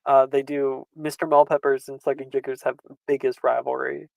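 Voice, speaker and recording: A man running a tabletop role-playing game as game master, chatty and quick to laugh. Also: mid-range voice, little pitch movement, creaky, darkish tone, no room sound. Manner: laughing often, loose and chatty.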